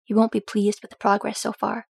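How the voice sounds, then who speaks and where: A stern female dwarf warrior from a storybook, flat and deadpan, with a gravelly, husky edge, as a woman reads her lines. The recording is close and dry. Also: medium pitch, brisk, dry recording.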